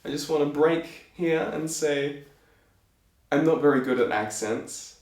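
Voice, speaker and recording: A man's voice: a little high, unhurried, a little mellow. A man telling a fairy tale in a casual, playful way, with chatty asides to the listener. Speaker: storyteller. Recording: echoey room.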